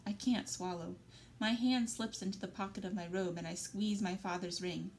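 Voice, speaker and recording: A woman reading a young adult novel aloud in a steady, even-paced way with quiet emotional emphasis. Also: fairly low pitch, normal speed, slight background noise, poor audio. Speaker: library story reader.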